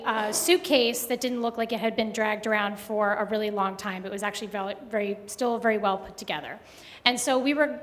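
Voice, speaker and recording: A woman telling a personal story live at a story slam, conversational with many pauses and fillers. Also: a little high, a bit bright. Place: live event hall. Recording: long hall reverb.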